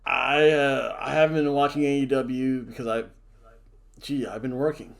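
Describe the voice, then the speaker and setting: A man's voice: medium pitch, steady tone, moderate pace, creaky. A man hosting a casual wrestling predictions chat, jokey and theatrical, hamming up wrestler introductions. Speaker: wrestling show host.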